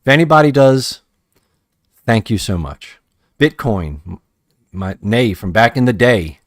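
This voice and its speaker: A man's voice: medium pitch, lively intonation, measured pace, dry recording, clean studio sound. A man chatting casually on a live stream while painting action figures at home, profane and rambling, often restarting his sentences.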